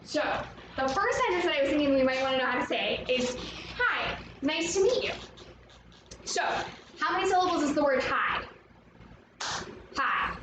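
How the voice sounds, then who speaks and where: A young woman teaching an online arts lesson to young children, speaking in an upbeat, slow and clear way and inviting the viewer to join in. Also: high-pitched. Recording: roomy, echoey, from a distance with background noise.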